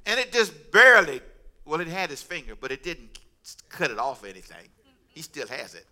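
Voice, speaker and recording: Bright, animated male preacher. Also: fairly high pitch, normal speed. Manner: animated, humorous preaching with asides and laughter. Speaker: pastor. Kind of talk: sermon.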